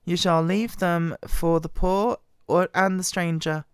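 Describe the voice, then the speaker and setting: A woman with a bad cold, hoarse and quiet, her voice wobbling as she reads scripture aloud close to the microphone. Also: fairly even intonation, no room sound. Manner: quiet, halting, voice wobbling in pitch. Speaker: Bible reader. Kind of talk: slow scripture reading.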